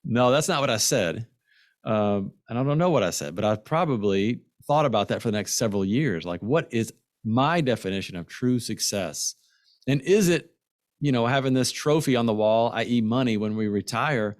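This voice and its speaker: A man's voice: medium pitch, expressive, moderate pace, no room sound, clean studio sound. A middle-aged man hosting a finance podcast, telling stories in loose, rambling casual chat. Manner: storytelling, rambling with fillers and restarts. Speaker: podcast host and financial planner.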